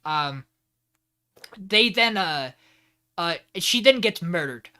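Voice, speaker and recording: Bright-voiced man rambling through an anime recap. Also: high voice, slow pace, clean tone. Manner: rambling, animated, swears casually. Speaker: podcast host. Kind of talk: casual anime episode recap.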